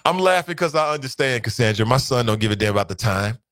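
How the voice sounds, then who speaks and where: A man's voice: medium pitch, fast, no echo. A man in his thirties hosting a talk radio show, reading listener comments aloud and reacting with laughter and opinions. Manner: animated, laughing, mocks voices.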